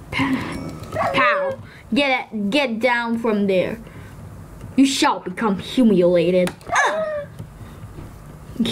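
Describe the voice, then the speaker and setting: A woman hosting a gaming video, giving excitable commentary with frequent shrieks and exclamations. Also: high-pitched. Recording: loud background noise.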